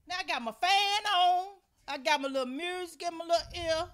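A woman's voice: very high voice, a little fast, few pauses, fairly bright tone. A middle-aged woman, the host's mother, chatting casually, scolding her son and telling stories. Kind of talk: casual chat.

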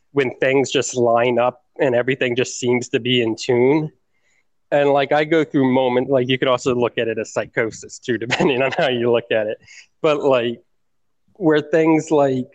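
Man, mid pitch, rambling casual storyteller, dry close sound. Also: no echo, low-quality recording. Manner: rambling, full of "like" fillers.

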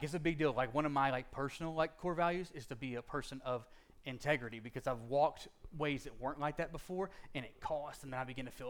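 A man preaching a sermon in a conversational way, with jokey asides and casual slang, dropping to a hush and then building to loud, emphatic stretches. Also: medium pitch. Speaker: pastor.

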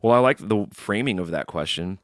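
Very deep-voiced man hosting a podcast. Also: animated, brisk, no room sound, clean studio sound. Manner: rambling, joking, swears casually. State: drinking beer while talking. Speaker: podcast host. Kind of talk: casual solo podcast chat.

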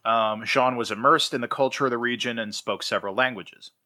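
A man's voice: mid-range voice, a little fast, bright, forceful tone. A man casually telling a story on a podcast, rambling with fillers and laughing mid-sentence.

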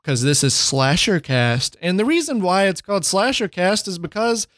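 A man's voice: high voice, big pitch swings, moderate pace, fairly bright tone, no room sound, studio quality. A man co-hosting a horror podcast in casual chat, laid-back and jokey with lots of fillers. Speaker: podcast co-host.

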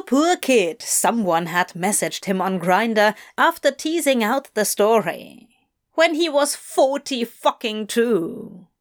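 A woman narrating fiction in an audiobook, reading in a measured, expressive way. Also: mid-range voice.

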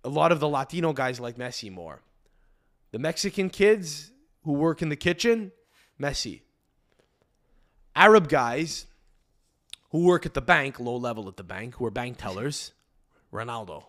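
A man's voice: mid-range voice, animated, moderate pace, pauses often, a bit bright. A man hosting a comedy podcast, ranting in a rambling, profane way with lots of fillers and restarts. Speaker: podcast host.

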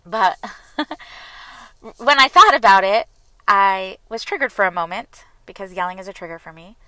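A woman's voice: mid-range voice, expressive, measured pace, pushed and bright, no echo, poor audio. A woman speaking earnestly and openly about her own growth in a personal, reflective talk.

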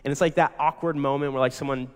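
A young adult male pastor preaching a sermon, telling stories with dramatic swings between loud passages and hushed ones. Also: mid-range voice, steady tone, fast, clear, resonant tone, big-room sound.

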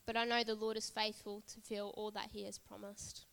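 A woman's voice: mid-range voice, flat delivery, a little fast, gravelly, fairly bright tone, big-room sound. A woman preaching a sermon at a church service, earnest and repetitive, building emphasis phrase by phrase.

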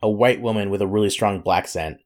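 A man's voice: on the low side, fast talker. A man co-hosting a casual podcast, joking and laughing and reading an advice letter aloud. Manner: joking, laughs often, lively. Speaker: podcast co-host.

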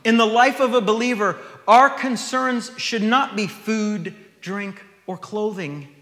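A man's voice: high-pitched, a little slow, a bit bright, echoey room, big-room sound. A man preaching a sermon, reading scripture aloud and then explaining it in a conversational way.

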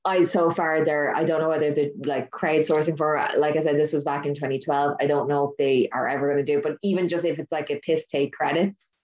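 A woman with a low, dark voice retells a film in animated, casual chat. She laughs a lot. The recording is dull and lo-fi. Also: fairly quick, hardly any pauses. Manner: animated storyteller, laughs often.

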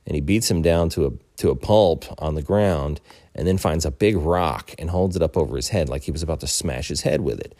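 Very low, dark-voiced man, casual film recap, dry close recording, halting delivery. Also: no echo. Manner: halting, many fillers and restarts. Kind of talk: casual film plot retelling.

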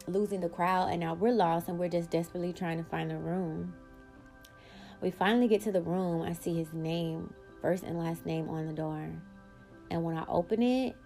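A woman hosting her own podcast, telling a personal story in a blunt, animated way and swearing freely. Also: fairly low pitch, creaky. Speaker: podcast host.

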